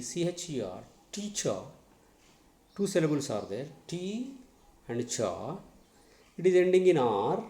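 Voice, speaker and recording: A man with an Indian English accent teaching English pronunciation in a slow spoken lesson, repeating words to model stress and drilling his students. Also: medium pitch, mellow. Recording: echoey room.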